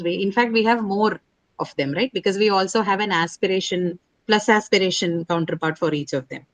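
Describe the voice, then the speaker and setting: Over poor audio, a woman speaking at medium pitch and a fairly quick pace runs an online English pronunciation lesson. She patiently spells out words one letter at a time, checking in with "right?" after nearly every point.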